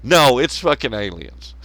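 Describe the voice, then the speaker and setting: A man's voice: mid-range voice, background noise. A man hosting a podcast, ranting casually and sarcastically, swearing constantly and laughing at his own jokes. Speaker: podcast host. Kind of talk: profane casual rant.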